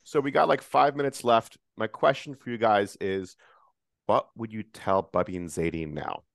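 A woman hosts a relaxed family podcast and muses aloud between her guests' stories. Her voice is strikingly deep for a woman. The recording is dry and close. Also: moderate pace, creaky, dry recording. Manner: musing, reactive. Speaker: host. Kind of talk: casual podcast chat.

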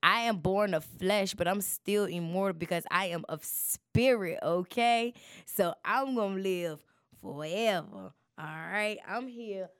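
A woman's voice: mid-range voice, measured pace, fairly bright tone, smooth, no echo, clean studio sound. A woman hosting her podcast in a chatty, preachy way, talking straight to her listeners. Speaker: podcast host. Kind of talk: casual chat.

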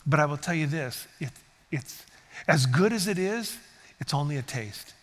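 A man's voice: a little high, expressive, normal speed, in a large hall. An older man preaching a sermon as a pastor, speaking conversationally and earnestly, sometimes acting out what people say. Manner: conversational, earnest, acts out quotes. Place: church sanctuary.

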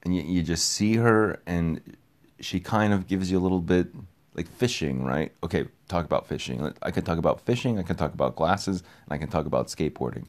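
A young man with a very low voice talks to his listeners in a loose, rambling monologue. He circles back and repeats phrases and gets excited as he goes. His casual swearing keeps it offhand and personal. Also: a little fast. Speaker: podcast host.

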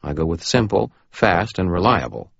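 A man's voice: sits low, sing-song, moderate pace, creaky, dry recording. A man reading a first-person audiobook in a dry, matter-of-fact way. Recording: dull lo-fi recording.

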